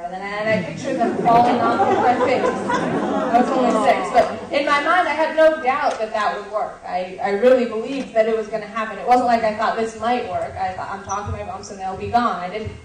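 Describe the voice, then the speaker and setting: A woman's voice: a little high, normal speed, some chatter behind. Young adult woman, chatty storyteller, distant mic in a very echoey hall with an audience. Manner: chatty, laughing, many "like" fillers. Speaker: guest on stage. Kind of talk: casual storytelling.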